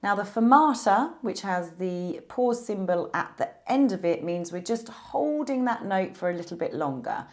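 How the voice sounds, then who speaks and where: A woman teaching a beginner piano lesson, explaining musical symbols patiently and clearly. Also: on the low side, a little mellow.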